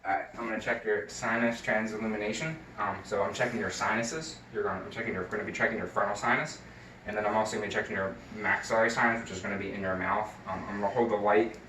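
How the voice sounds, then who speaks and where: Man, young adult, low-pitched, bright tone, halting explanations, echoey room, faint noise. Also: fairly even intonation, recorded from a distance. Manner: hesitant, many fillers, explains each step. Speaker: nursing student. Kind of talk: recorded skills demonstration.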